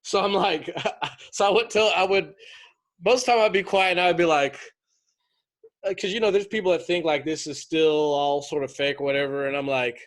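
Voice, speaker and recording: Co-host, man, a little higher than average, chatty, laughs easily, trips over his starts. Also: fairly bright tone. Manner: laughs often, halting restarts. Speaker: podcast co-host. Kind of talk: casual chat.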